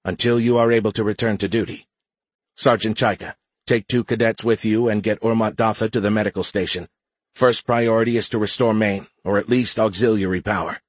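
A man voicing a decisive female army officer in a brisk, commanding tone. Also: fairly low pitch, fairly even intonation, dry recording, natural voice.

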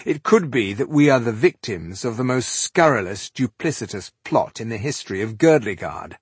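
A man's voice: mid-range voice, expressive, normal speed, breathy edge, no room sound. A man voicing a suspicious male dwarf warrior with a dry, wry manner.

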